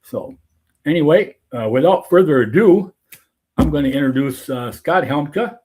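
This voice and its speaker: An older man from hosting a softball podcast, chatting in a folksy, rambling way. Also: on the high side, expressive, measured pace. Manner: folksy, rambling with many uh fillers. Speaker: podcast host. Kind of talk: casual chat.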